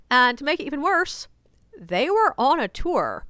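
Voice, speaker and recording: A woman with a fairly high, smooth, clear voice tells stories from her ghost tours in a chatty, wry and animated way. The sound is close and dry, with no room around it. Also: moderate pace, no room sound. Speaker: ghost tour guide. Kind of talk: casual storytelling vlog. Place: French Quarter, New Orleans.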